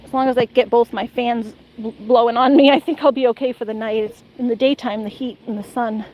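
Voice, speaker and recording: A woman's voice: high voice, a little mellow, rough recording. A woman live-streaming outdoors on a beach, out of breath and laughing as she chats playfully with her dog and viewers. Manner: playful, laughing, sing-song baby talk to the dog. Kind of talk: casual live-stream chat.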